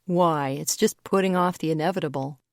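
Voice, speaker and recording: A woman's voice: low voice, brisk, no echo, clean studio sound. A woman doing a surly young boyfriend. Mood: sulky. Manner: surly, flat and grudging. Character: sulky young man, the narrator's boyfriend. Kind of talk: audiobook character voice.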